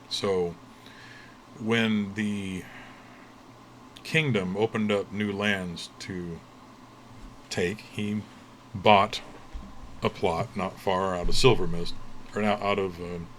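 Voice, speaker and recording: A man's voice: low voice, fairly bright tone, slight background noise, low-quality recording. A man voicing a worried, polite noble uncle in a tabletop game.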